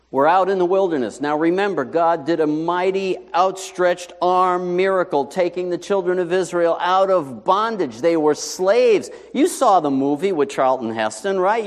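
A male pastor preaching a sermon in a lively, conversational way, full of rhetorical questions to the congregation. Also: a little high. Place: church sanctuary. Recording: long reverb in a large hall.

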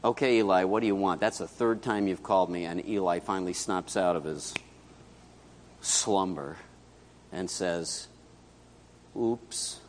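A man preaching a sermon as pastor, telling a story and acting out its dialogue, swinging between loud and hushed. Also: low voice, normal speed, a little hiss or hum. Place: church sanctuary. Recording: echoey church hall.

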